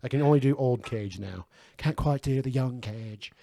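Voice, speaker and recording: A man's voice: mid-range voice, moderate pace, creaky, warm tone. A man co-hosting a casual movie review chat, swearing freely and slipping into mock impressions. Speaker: podcast co-host.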